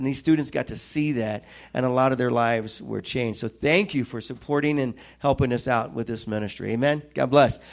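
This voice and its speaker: A middle-aged man preaching a sermon, telling stories with lively quoted voices. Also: medium pitch, creaky. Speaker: pastor.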